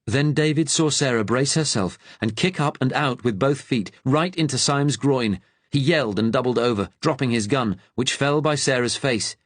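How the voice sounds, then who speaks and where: A man narrating a wartime thriller audiobook in a steady, measured way. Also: mid-range voice, dry recording.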